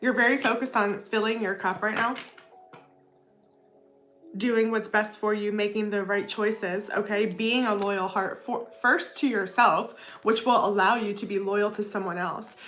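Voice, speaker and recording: A woman's voice: mid-range voice, fairly even intonation, moderate pace, fairly bright tone, faint music behind. A woman giving a casual tarot reading to her viewers, chatty, often adding "okay?" and "you know what I mean?". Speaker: tarot reader.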